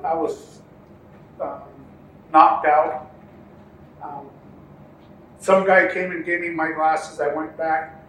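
In an interview, a relay horse racer recounts a story haltingly, stumbling over ums and restarts and performing other people's lines. His voice is slightly high and a touch bright, captured by a distant mic in an echoey room with faint ambience and a bit of background noise.

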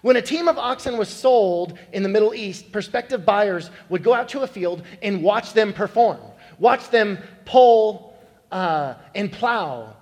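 A man's voice: high voice, lively intonation, unhurried, a little mellow. A man preaching a sermon, explaining scripture and telling a joke, acting out its voices as a storyteller. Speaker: pastor. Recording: echoey hall with long reverb.

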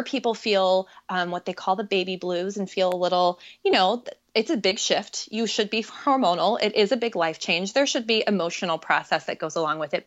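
A woman's voice: medium pitch, a bit bright, lo-fi sound. A woman in her thirties, a podcast guest, talking candidly and reflectively about her experiences, with frequent fillers. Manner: earnest, reflective, many fillers. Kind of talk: candid personal conversation.

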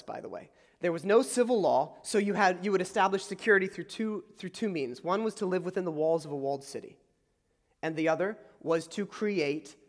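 A man's voice: sits high, big-room sound. A man preaching a sermon as a pastor, telling the story conversationally and acting out the dialogue. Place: church sanctuary.

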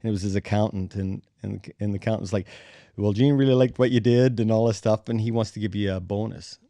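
A middle-aged man, a bassist and podcast guest, telling animated stories, acting out quotes and chuckling as he goes. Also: quick pace, no echo. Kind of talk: anecdotal storytelling in conversation.

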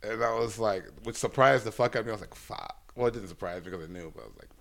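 A man's voice: lowish voice, rapid-fire, gravelly, a bit bright. Profane rambling male comedian storyteller. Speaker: stand-up comedian guest. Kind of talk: casual storytelling interview.

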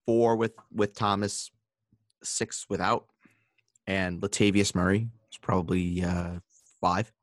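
A man co-hosting a casual fantasy football chat, giving numbers and making dry, deadpan jokes. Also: low voice, takes it slowly, no echo. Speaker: podcast co-host.

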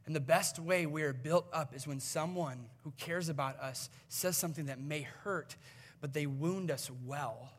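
A man preaching a sermon as a pastor, telling a story and acting out the voices in it before rising to a forceful close. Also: a little high. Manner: storytelling preacher, acts out quoted voices, builds to a forceful climax. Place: church hall. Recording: long hall reverb.

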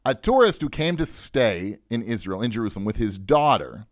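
A man's voice: medium pitch, very animated, fairly quick, dry recording. A man, a financial advisor and podcast host, telling a story in a casual, joking, self-mocking way. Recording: dry, tinny phone-like sound.

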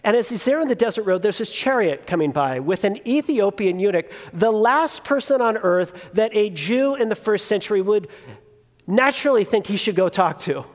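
A man's voice: sits high, expressive, normal speed. A man in his thirties preaching a sermon, telling a personal story in a conversational way with fillers and restarts. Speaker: pastor. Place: church sanctuary. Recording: long hall reverb.

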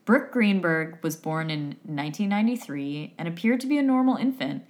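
Young woman, casual co-host, lively, reads out facts and slips into voices. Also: lowish voice, brisk. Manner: animated, reads facts aloud, jumps into voices. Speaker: podcast co-host. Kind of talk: casual chat.

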